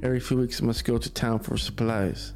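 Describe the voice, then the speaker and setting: A man's voice: medium pitch, steady tone, creaky, over music, natural voice. Brief: a man playing a haunted cursed older man, put-on Russian accent, broken English, mid-range voice. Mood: weary. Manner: slow, halting, broken English.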